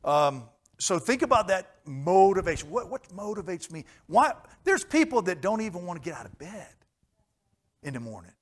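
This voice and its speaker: Earnest man preaching, slightly high voice. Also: sing-song, moderate pace. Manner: earnest, anecdotal, asks the listeners questions. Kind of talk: conversational sermon with storytelling.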